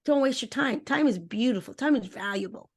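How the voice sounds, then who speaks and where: A woman dating coach talking as a podcast interview guest, energetic and emphatic, speaking straight to her listeners and acting out little voices. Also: brisk, slightly rough. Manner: acts out voices with expressive pitch swings.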